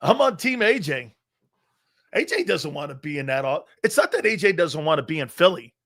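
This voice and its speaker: A middle-aged man hosting a live sports talk show, ranting loudly and profanely about football. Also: a little high, moderate pace. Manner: loud, profane and animated, mocking others in put-on voices. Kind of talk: unscripted sports rant.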